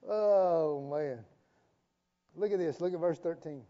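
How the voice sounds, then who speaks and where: A man's voice: fairly high pitch, dark tone. A man preaching a sermon as the pastor, folksy and joking, calling on the congregation to repeat after him. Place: church sanctuary. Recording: dull, reverberant live church stream.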